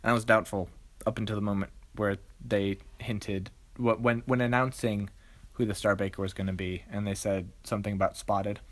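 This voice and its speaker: A woman's voice: extremely low pitch, steady tone, moderate pace. A woman co-hosting a podcast, talking casually and explaining her points at length. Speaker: podcast co-host. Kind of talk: casual chat.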